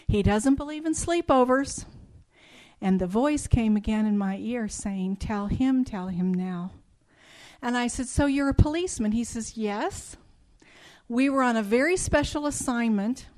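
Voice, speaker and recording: Middle-aged woman, slightly high voice, emphatic storyteller giving testimony, acts out dialogue. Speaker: speaker telling a personal testimony. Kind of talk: spoken testimony to an audience.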